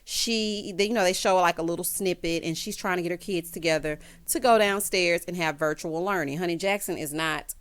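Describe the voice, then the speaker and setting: A woman's voice: a little fast, hardly any pauses. A woman giving casual, sassy commentary in a reality TV recap, calling everyone honey and child and swooping her voice up for emphasis. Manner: animated swoops in pitch for emphasis.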